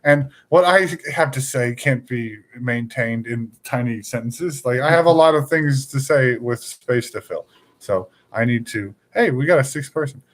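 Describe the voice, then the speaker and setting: Male live-stream host, casual and jokey, mid-pitched voice. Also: moderate pace. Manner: joking, rambling, laughs often. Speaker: podcast host.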